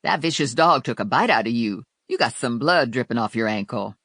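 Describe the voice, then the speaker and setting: A woman's voice: a bass voice, expressive, fairly quick, fairly bright tone, no room sound, full character voice. A narrator voicing a brassy, outspoken woman sidekick with slangy, sassy talk in an audiobook. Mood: blunt. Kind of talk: audiobook character voice.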